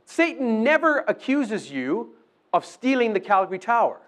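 Animated, lively-voiced male preacher. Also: high-pitched, normal speed. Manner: conversational preaching, often checks in with "okay?"; acts out short dialogues with the accuser. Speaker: pastor. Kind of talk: sermon.

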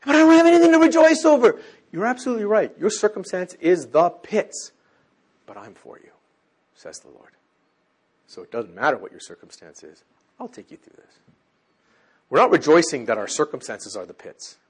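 Male preacher, husky and lively, big dynamic swings between shouts and hushed asides. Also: fairly high pitch, normal speed, long pauses. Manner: animated, swings from loud exclamations to near-whispers. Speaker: teacher. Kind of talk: sermon.

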